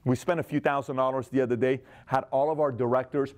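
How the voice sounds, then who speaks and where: A man in his forties giving an energetic motivational business talk, acting out quick snatches of dialogue. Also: medium pitch. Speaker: business speaker.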